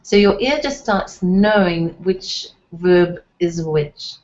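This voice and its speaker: A woman teaching a language lesson in a patient, step-by-step way, with frequent pauses and fillers. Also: on the low side, a little mellow, dull audio. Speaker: Hebrew teacher. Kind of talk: slow, careful language lesson.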